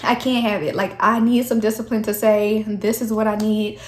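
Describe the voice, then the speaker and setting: A woman's voice: mid-range voice, level tone, normal speed. A young woman, talking candidly to camera in a casual vlog, her voice a little shaky from the cold. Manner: chatty, candid, addresses viewers as y'all. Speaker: vlogger. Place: chilly room at home. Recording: echoey room.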